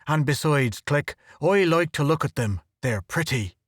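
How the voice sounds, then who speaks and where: A man reading a storybook audiobook, voicing a big, gruff, brash male photographer with a blunt manner. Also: a little high, expressive, unhurried, dry recording, studio quality.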